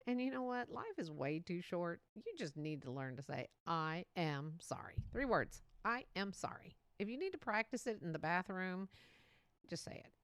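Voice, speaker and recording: A woman hosting a casual solo podcast, talking in a chatty, animated way and laughing often. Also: on the low side, moderate pace, dry recording. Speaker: podcast host.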